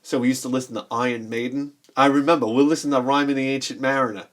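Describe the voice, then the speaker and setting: A man's voice: mid-range voice, steady tone, quick pace. A man in his forties, a game collector telling rambling childhood stories while showing his games, laughing often and acting out the people he quotes. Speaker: video game collector vlogger.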